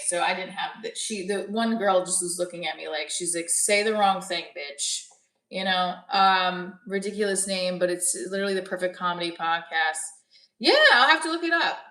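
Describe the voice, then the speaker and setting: A woman's voice: mid-range voice, a bit bright. A woman comedian chatting casually on a livestream, rambling and interrupting herself as she works out jokes. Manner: rambling, self-interrupting, jokey. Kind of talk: casual chat with live chat. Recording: echoey room, voice a bit far from mic.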